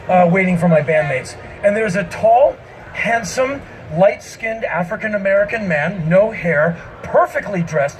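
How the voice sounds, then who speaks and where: A man in his fifties telling a comic story on an outdoor festival stage into a stage microphone, emphatic and breaking into shouts. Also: high voice, background noise. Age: 50s. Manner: emphatic, bursts into shouting, mimics people. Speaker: spoken-word performer. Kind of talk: stand-up storytelling.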